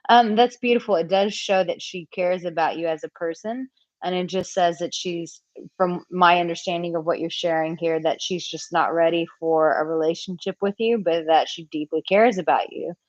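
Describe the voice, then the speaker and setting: A woman's voice: lowish voice, moderate pace, dry recording, highs cut off. A woman dating coach answering viewer questions in a live Q&A, candid and chatty, acting out example lines.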